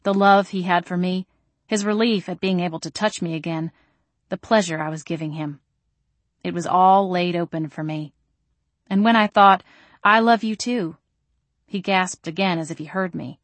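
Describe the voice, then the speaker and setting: Low-voiced woman narrating a novel. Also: steady tone, moderate pace, dry recording. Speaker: audiobook narrator. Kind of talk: first-person novel narration.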